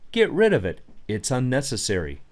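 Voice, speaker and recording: A man's voice: medium pitch, wildly swooping pitch, moderate pace. A man teaching writing skills, emphatic as he reads example sentences aloud and then picks them apart. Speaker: writing coach. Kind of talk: instructional talk on writing.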